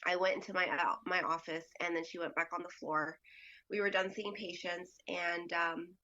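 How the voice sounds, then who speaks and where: A woman's voice: fairly low pitch, flat delivery, moderate pace, bright, forceful tone, lo-fi sound. A woman speaking as a podcast guest in casual storytelling, chatty and full of fillers, acting out other people's lines as she goes. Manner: chatty, acts out quoted dialogue with lots of fillers.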